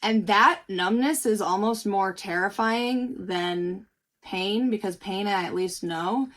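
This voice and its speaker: A woman's voice: mid-range voice, slow pace, fairly bright tone. A woman sharing personal experience in a panel chat in a reflective, thoughtful way.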